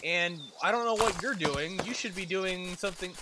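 A man giving excitable live commentary on a game he is playing, talking to himself and to his characters and swearing when something startles him. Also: sits high, normal speed, noisy background. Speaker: let's play gamer. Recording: loud game sounds behind voice.

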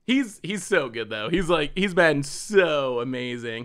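Man, live-stream game commentary, lively animated pitch, chatty, laughs a lot, casual. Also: a little slow. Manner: chatty, laughs often, repeats himself.

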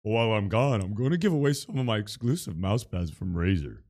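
A man doing a calm, bragging male pro streamer in a low, even voice. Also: brisk, lightly acted. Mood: smug.

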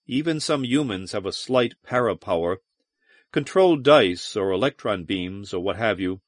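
A man's voice: lowish voice, expressive, normal speed, no room sound, pitched below the performer's own voice, close to an everyday voice. A man voicing a weary, dry-humored young male ensign in an audiobook.

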